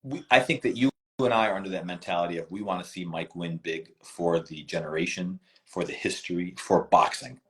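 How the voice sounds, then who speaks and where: A man being interviewed, telling stories in a casual, animated and emphatic way. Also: deep voice, fairly quick, few pauses. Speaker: interview guest.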